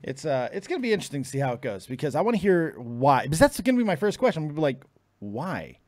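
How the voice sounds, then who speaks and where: A man's voice: a little high, sing-song, quick pace, a little mellow, no echo. A man hosting a casual live stream from home, frustrated and swearing freely between bursts of laughter. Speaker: podcast host.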